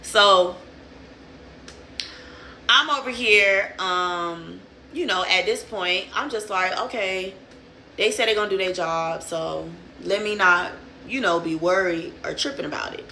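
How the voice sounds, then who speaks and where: A woman's voice: mid-range voice, a little slow, sharp tone, slight background noise. A young woman telling a story in casual, profane, streetwise slang.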